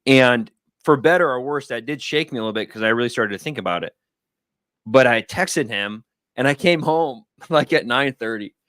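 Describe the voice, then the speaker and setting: A man's voice: moderate pace, dry recording. Chatty man telling stories, dry sound. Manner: rambling, animated, acts out friends' lines in a higher voice. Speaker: guest. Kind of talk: casual storytelling conversation. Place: home studio.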